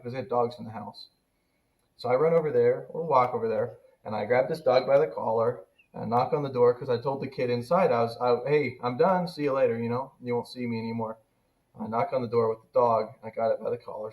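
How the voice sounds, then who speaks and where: A man casually telling a funny work story on a podcast, animated and laughing as it builds. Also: mid-range voice, muffled recording. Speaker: podcast co-host.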